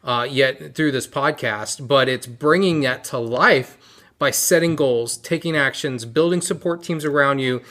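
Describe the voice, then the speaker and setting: A man's voice: medium pitch, measured pace, fairly bright tone. A man hosting a podcast, who affirms his guest and explains his program in an easy, conversational way. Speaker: podcast host. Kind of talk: casual interview chat.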